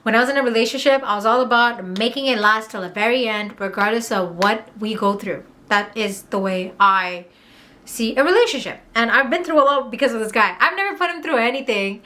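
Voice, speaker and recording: Young woman vlogger, storytime confessional; bright, slightly high voice, candid and heated. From Montreal, Canada. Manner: candid, heated, swears, quick asides. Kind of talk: casual storytime vlog.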